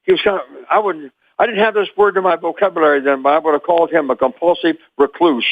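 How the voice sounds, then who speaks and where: A man's voice: a little high, quick pace, dry recording. Older man over a tinny phone line. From Memphis, Tennessee. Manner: lively storyteller, chuckles often. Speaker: guest, former child actor. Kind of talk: animated storytelling interview.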